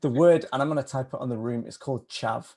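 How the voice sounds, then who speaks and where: A man's voice: medium pitch, fast, gravelly, mellow. A British man hosting a casual online interview, teasing and chuckling as he talks over a video call. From Britain. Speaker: host.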